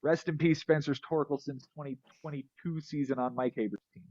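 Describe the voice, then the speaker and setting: A podcast host with a slightly high voice rattles off fantasy baseball stat lines and cracks jokes in a casual way. His tone is steady and his pace brisk, while the audio is dull and very noisy.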